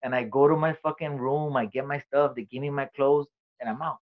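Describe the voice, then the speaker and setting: A man's voice: mid-range voice, steady tone, brisk. Guy telling his story in a podcast chat, cusses a lot, street talk, kinda dull lo-fi sound, mid voice. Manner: swearing, streetwise storytelling with quoted dialogue. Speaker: interview guest, comedian. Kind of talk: casual storytelling interview. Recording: dull lo-fi recording.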